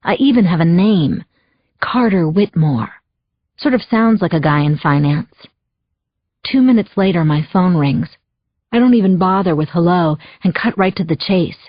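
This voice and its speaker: Woman reading a thriller audiobook, measured and wry, husky low voice, dull lo-fi sound. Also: expressive, no echo. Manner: measured, wry inner monologue. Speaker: audiobook narrator. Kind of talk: first-person thriller audiobook narration.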